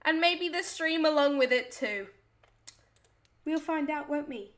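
A woman's voice: high voice, expressive, a little slow, a bit bright. A woman live streamer chatting casually and playfully, reading her chat aloud and answering it.

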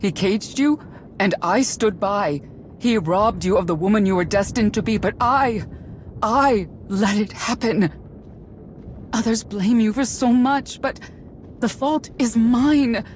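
A woman's voice: mid-range voice, slow pace, a little hiss or hum, natural voice. An actress playing a remorseful warrior mother in a video game, earnest and pleading.

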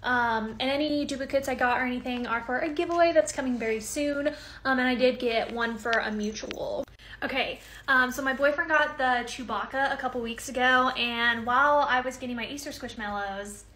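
A woman chatting casually about her haul, pausing often with ums. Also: a little high, bright, forceful tone, echoey room. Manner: hesitant, many ums. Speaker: unboxing video creator.

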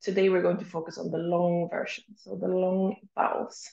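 A Swedish woman with a Swedish accent teaching vowels slowly and clearly, drawing out each sound she models for students to repeat, her voice a little shaky from a cold. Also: lowish voice, flat delivery, dark tone. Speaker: language teacher. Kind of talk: slow, clear teaching with repeat-after-me drills. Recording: echoey room, slightly dull sound.

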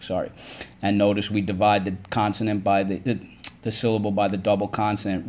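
A man's voice: lowish voice, darkish tone, dull audio. A male teacher giving a spelling lesson to children, patient and stretching out the syllables of each word. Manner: slow, patient, drawn-out syllables.

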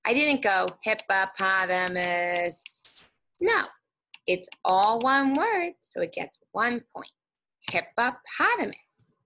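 A woman teacher leading a guided reading lesson for young children, speaking slowly and encouragingly and stretching out words. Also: high voice, big pitch swings, vocal fry, fairly bright tone, a little hiss or hum, low-quality recording.

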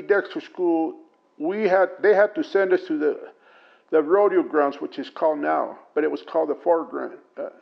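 Gravelly older man recalling his youth. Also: on the high side. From Prescott, Arizona. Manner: plain unhurried storytelling with many pauses and fillers. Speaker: oral history interviewee. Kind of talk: recounting memories. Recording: dull lo-fi tape recording.

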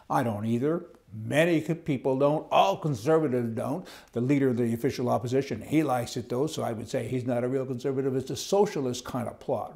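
A man's voice: mid-range voice, gravelly, a little mellow. A man giving a blunt, rambling, opinionated monologue as a political commentator. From Canada. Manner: blunt, rambling, chuckles at his own points.

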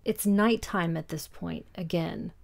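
A woman's voice: lowish voice, a little slow, vocal fry. A woman co-hosting a film podcast, recapping scenes in detail in a casual discussion and laughing easily. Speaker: podcast co-host.

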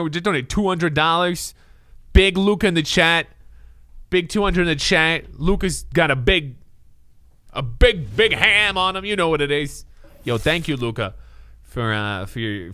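A male streamer chatting excitedly to his live chat, loud and swearing, reacting and thanking viewers. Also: fairly high pitch, moderate pace, no room sound.

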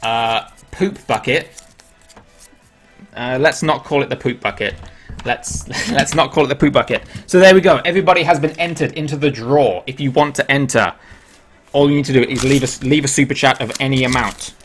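A man's voice: medium pitch, moderate pace, a bit bright, soft background music. Chatty English man hosting a livestream. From England. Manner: chatty, answers viewer questions aloud, laughs at himself. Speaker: livestream host. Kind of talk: casual live-stream chat.

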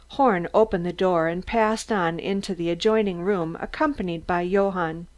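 A woman giving steady, measured audiobook narration. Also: fairly low pitch. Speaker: audiobook reader.

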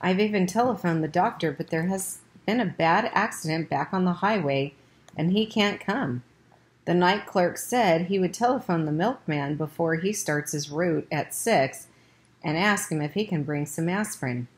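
A woman's voice: fairly low pitch, moderate pace, lightly acted. A woman voicing a middle-aged father, exasperated and helpless.

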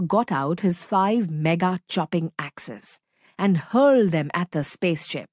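A woman reading a children's story aloud in a slow, expressive storytelling manner. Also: fairly low pitch, dry recording, clean studio sound. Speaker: storybook reader.

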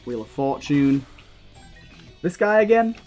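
A young man commenting on his own gameplay, swearing freely and getting heated as he talks. His pitch swings widely from line to line. Faint game music plays beneath his voice. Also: very animated, slow pace, a little mellow. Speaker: gaming video creator.

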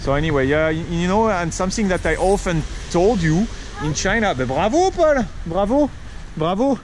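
High-voiced French man vlogging outdoors. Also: animated, brisk. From France. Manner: chatty, rambling, many fillers. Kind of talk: casual walking vlog. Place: outdoors on a town street. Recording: outdoor street traffic noise.

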